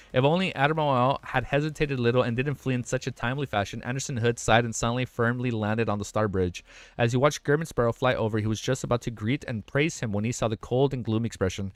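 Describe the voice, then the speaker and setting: A young man streaming, reading a web novel aloud and breaking off to react in excitable, slangy, profane bursts. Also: mid-range voice, no echo.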